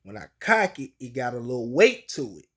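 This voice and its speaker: A man's voice: mid-range voice, big pitch swings, fairly quick, slightly rough. A man telling a personal story in casual, slangy, colloquial speech.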